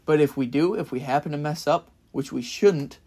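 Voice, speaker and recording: A young man giving a casual, earnest Bible-study sermon as a podcast preacher, getting louder in bursts of excitement. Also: fairly high pitch, normal speed, breathy edge. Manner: earnest and enthusiastic, rising to loud bursts of excitement.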